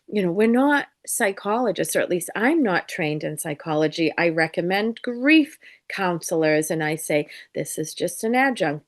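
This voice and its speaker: Lively, lighthearted woman telling stories. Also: on the low side. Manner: lively, lighthearted, acts out quotes. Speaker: psychic medium guest. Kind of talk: casual interview storytelling.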